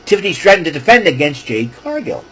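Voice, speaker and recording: A man casually rambling through a wrestling show recap, excitable and correcting himself as he goes. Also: on the high side, fast talker, slightly rough, rough recording. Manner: excitable, self-correcting, chatty asides.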